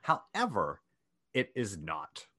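A man co-hosts a casual chat podcast, and his voice sits a bit low. He talks in a dry, wry way and leans on key words for effect. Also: huge pitch swings, pushed and bright. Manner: dry, wry storytelling with deliberate emphasis. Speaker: podcast co-host.

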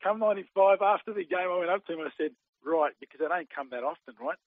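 A man's voice: high voice, fast talker, no echo. An Australian man in his forties, a former footballer, chatting in an interview in a rambling way full of fillers and restarts. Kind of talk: casual interview. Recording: dry tinny phone line.

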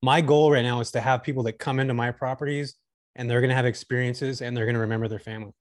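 A man's voice: medium pitch, level tone, quick pace, no echo, studio quality. A man talking candidly and enthusiastically as a guest on a casual podcast chat. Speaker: guest, short-term rental host.

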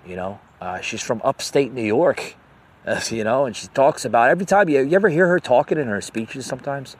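A man's voice: mid-range voice, animated, a little fast, husky. A man hosting an unscripted opinion podcast, talking in a heated, repetitive way, full of "you know.". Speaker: podcast host.

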